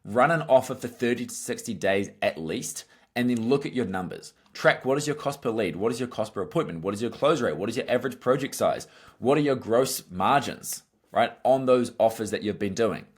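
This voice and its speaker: A man giving an instructional marketing lesson, brisk and emphatic, often checking in with "right?" and "okay?". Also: expressive, slightly rough. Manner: acts out sales pitches in quotes. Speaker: marketing coach. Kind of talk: instructional talk to camera.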